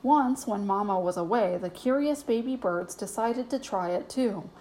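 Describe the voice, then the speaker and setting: A woman's voice: mid-range voice, lively intonation, normal speed, warm tone, low-quality recording. A woman hosting a weekly show, reading a children's picture book aloud as a bedtime story. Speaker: storybook reader, host.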